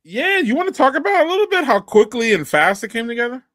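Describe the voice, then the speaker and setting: A man hosting a casual live stream chat, folksy and animated. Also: extremely high pitch, fast talker, dry recording, clean studio sound. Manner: animated, folksy, says y'all. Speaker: podcast host.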